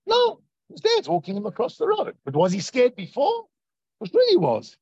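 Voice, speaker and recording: Animated high-voiced man teaching a Torah class. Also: fairly quick, creaky, breathy edge, dry recording, lo-fi sound. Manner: animated, acts out quoted voices, asks the listeners questions. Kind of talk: lively Torah class lecture.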